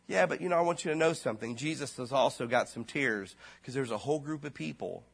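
A pastor preaching a sermon in a casual, slangy way, his voice dropping low and then rising loud. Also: expressive, fast, creaky, breathy edge.

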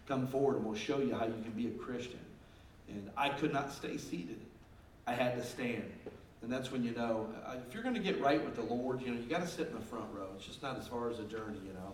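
A man in his fifties preaches from scripture, his voice rising into loud emphasis and dropping into soft asides. The sound carries the echo of a large room. He stands back from the microphone, with a faint hum of ambience behind him. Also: medium pitch. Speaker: pastor. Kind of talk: sermon. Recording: roomy and distant with faint ambience.

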